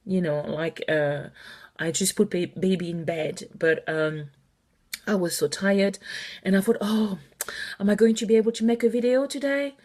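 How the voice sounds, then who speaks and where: A woman with a French accent talks to a webcam or phone like a motivational coach. She sounds earnest and encouraging and chats easily, with a laugh here and there. Her pitch sits in the middle of the usual range. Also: normal speed, a little mellow. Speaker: online marketing coach. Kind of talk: motivational live video talk.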